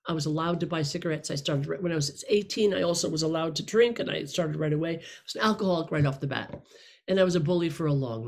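A middle-aged woman candidly telling her life story to a room of listeners, rambling and self-deprecating. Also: lowish voice. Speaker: speaker sharing her story. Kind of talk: personal testimony to a room.

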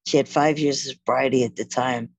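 A woman's voice: extremely low pitch, fairly even intonation, brisk, creaky, darkish tone, breathy edge, no room sound. A middle-aged woman sharing her own story of addiction and recovery in a candid, wry storytelling manner, acting out the lines of other people as she goes. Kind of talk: personal testimony.

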